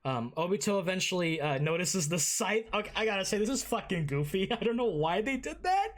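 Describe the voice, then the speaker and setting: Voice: medium pitch, sing-song, fairly quick. An anime reaction host giving casual, rambling commentary, swearing freely and full of fillers and restarts.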